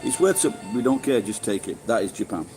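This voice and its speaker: A man's voice: lowish voice, animated, fairly quick, a little mellow, faint music behind, poor audio. A middle-aged man with a Sheffield accent, live-streaming and chatting casually with viewers in a rambling, swearing way with many restarts. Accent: Sheffield English. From England.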